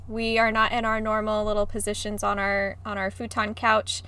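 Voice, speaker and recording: A woman podcast co-host chatting casually over a video call, giggly and quick to apologize. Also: mid-range voice, completely flat delivery, pushed and bright, clean tone. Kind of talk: casual chat. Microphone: podcast mic over video call.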